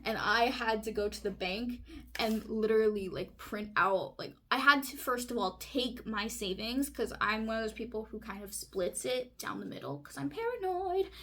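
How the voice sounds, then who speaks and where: A young woman from California telling a personal story in an excitable, chatty way, full of fillers. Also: a little high, normal speed, a little hiss or hum. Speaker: vlogger. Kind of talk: casual chat.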